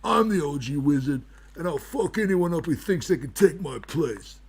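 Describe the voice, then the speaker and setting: A man putting on a paranoid, self-proclaimed wizard who swears nonstop and trails off into drawn-out filler sounds. The voice is husky and gravelly, with pitch that leaps all over the place. It is a comic livestream bit. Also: expressive, heavily acted. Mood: rambling. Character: foul-mouthed, boastful, paranoid self-styled wizard man. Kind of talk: improvised comedy bit on a livestream.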